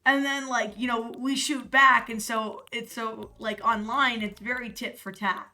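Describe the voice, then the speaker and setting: A young American woman chats on a live stream, rambling and swearing freely with plenty of fillers. Her voice is bright and a little high, with soft music playing behind her. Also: fairly even intonation, unhurried. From United States. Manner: rambling, profane, filler-heavy. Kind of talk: casual live-stream chat. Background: faint music.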